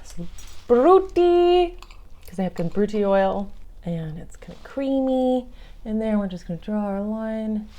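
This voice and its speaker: A woman's voice: mid-range voice, mellow. A woman chatting through her makeup routine in a casual tutorial, playful and affectionate, calling viewers darlings. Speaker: makeup vlogger.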